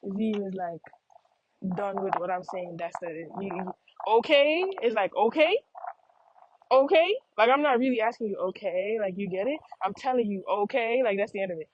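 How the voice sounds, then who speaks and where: A woman's voice: mid-range voice, brisk, slight background noise. A young American woman speaking with a Jamaican patois accent, chatting casually to her viewers and often repeating phrases. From United States. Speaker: vlogger. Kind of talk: casual monologue. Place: outdoors on a walk. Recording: slightly dull lo-fi audio.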